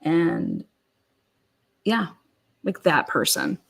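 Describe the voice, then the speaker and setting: This woman's lowish, creaky voice swings widely in pitch and draws out its words. She offers blunt, profane casual commentary, frequently acting out people in quoted rants.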